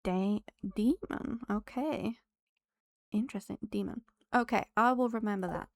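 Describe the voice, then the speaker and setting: A woman's voice: medium pitch, measured pace, gravelly, no room sound, clean studio sound. A young woman streaming a game, chatting casually and thanking viewers by name as she plays. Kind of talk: casual live-stream chat.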